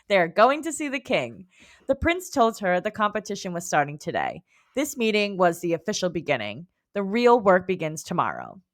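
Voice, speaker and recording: A woman co-hosting a book club podcast, summarizing chapters in a lively conversational way and laughing often. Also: on the low side, normal speed, no echo, studio quality. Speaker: podcast co-host. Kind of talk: casual book club chat.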